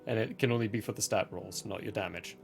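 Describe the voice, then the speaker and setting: A man running a tabletop horror game as game master, calmly narrating and explaining the rules. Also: fairly low pitch, quick pace, vocal fry, faint music behind. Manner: calm, matter-of-fact rulings and narration.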